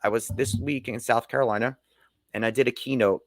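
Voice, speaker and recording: A man's voice: medium pitch, fairly even intonation, a little fast, dry recording. A middle-aged man, a leadership coach, speaking earnestly and motivationally in a podcast interview.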